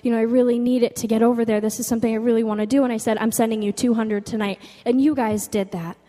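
A woman's voice: a little high, steady tone, fast, mellow, in a large hall. A young woman sharing a personal testimony with an audience, earnest and emotional, often saying "like". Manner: earnest and emotional, with frequent "like" fillers. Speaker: speaker giving a testimony.

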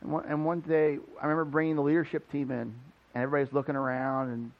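A man preaching as a pastor, telling a personal story in a casual, animated way full of "like" fillers. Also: fairly high pitch, fast talker, muffled recording. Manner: conversational, animated, many "like" fillers. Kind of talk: storytelling sermon. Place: church building.

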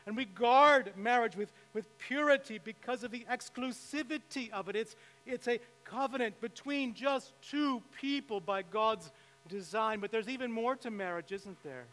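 High bright-voiced pastor preaching. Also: male voice, moderate pace. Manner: storytelling with emphatic rises. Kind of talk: sermon. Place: church sanctuary. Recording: reverberant hall with faint mains hum.

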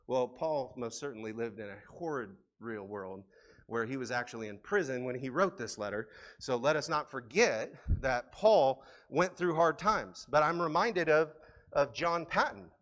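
A pastor preaches a sermon in a lively, conversational style, frequently restarting his phrases. His voice sits at a medium pitch and he speaks at a normal pace.

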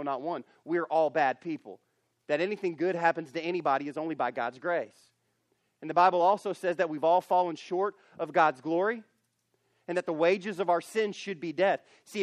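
High-voiced earnest man preaching. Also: no room sound, clean studio sound. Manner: earnest, building to emphatic preaching; repeats himself, restarts phrases. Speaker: camp speaker. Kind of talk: sermon.

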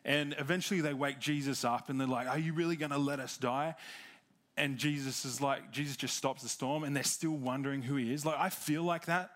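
A young adult man, giving a sermon as a relaxed personal story, chatty and self-deprecating, laughing at himself now and then. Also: mid-range voice, fairly quick. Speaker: preacher.

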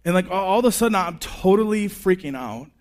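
A man in his thirties preaching a sermon in a conversational way, telling personal stories with quick asides. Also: high voice. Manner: animated, chatty storytelling with quick asides. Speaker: pastor.

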